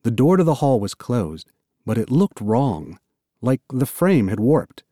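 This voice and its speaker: A man narrating an audiobook in an expressive, storytelling manner. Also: medium pitch, a little slow, no echo, clean studio sound. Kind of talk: scripted narration.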